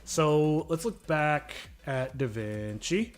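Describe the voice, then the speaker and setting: A man's voice: a little high, animated, takes it slowly, soft background music. A man streaming his animation work live, chatting casually with viewers and thinking aloud.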